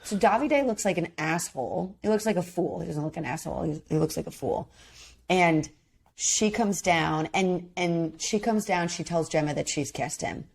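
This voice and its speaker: Her voice is gravelly and husky, sitting on the low side at a normal speed. She co-hosts a podcast, recapping a reality show in lively, emphatic conversation and acting out what others said.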